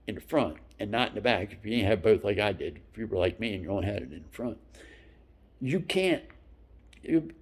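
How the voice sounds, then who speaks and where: A man in his fifties telling rambling stories, profane and loose, dropping into whispered asides between louder bursts. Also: fairly low pitch, breathy edge. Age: 50s. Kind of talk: rambling storytelling monologue.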